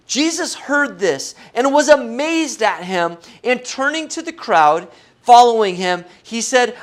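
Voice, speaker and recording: A man's voice: very high-pitched, big pitch swings, unhurried. A middle-aged male pastor giving a conversational sermon, joking about himself and asking his listeners questions. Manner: humorous, self-deprecating, asks the audience questions.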